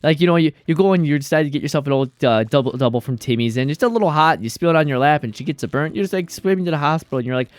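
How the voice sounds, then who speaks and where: A man's voice: on the high side, rapid-fire, hardly any pauses, no room sound. A man streaming a game, chatting casually in a rambling, jokey way and reacting to chat.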